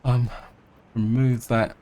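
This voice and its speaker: A man's voice: mid-range voice, flat delivery, slow, mellow, a little hiss or hum. A middle-aged man casually commenting on his gameplay, thinking aloud with hesitant restarts and fillers. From England. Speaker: game let's-player.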